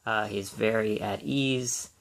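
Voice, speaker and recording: A man's voice: fairly low pitch, fairly even intonation, takes it slowly, gravelly. A man hosting a casual solo movie podcast, talking in a rambling, hesitant way with many fillers and restarts. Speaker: podcast host.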